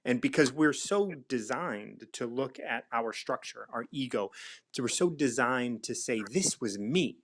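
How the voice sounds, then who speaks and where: A man's voice: medium pitch, expressive, measured pace, a bit bright. Reflective man hosting a spiritual chat. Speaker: recovery mentor and host. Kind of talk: casual spiritual discussion.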